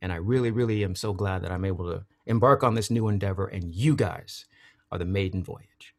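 A man hosting a casual horse racing podcast, relaxed and appreciative, laughing easily. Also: low voice, brisk. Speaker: podcast host.

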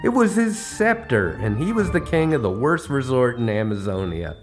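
A man's voice: mid-range voice, big pitch swings, normal speed, soft background music. A man hosting a podcast, telling comic travel stories with a wry, punchline-driven delivery. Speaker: podcast host. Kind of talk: comedic travel storytelling.

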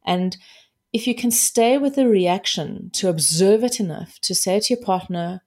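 A woman's voice: medium pitch, normal speed, a little mellow. A woman from South Africa, a relationships coach, talking directly and plainly in a podcast interview.

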